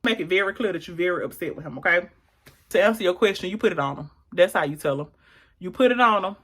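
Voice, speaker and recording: A woman's voice: expressive, fast talker, fairly bright tone, husky. A woman vlogger doing her makeup while answering viewer questions in a playful, sassy, casual chat. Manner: sassy, playful, swings into high exclamations.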